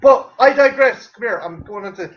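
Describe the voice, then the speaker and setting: An Irish man with a high voice, swearing freely in a boisterous late-night chat. The sound is dull and lo-fi. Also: expressive, normal speed. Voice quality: profane and boisterous. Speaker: channel host. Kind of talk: casual chat.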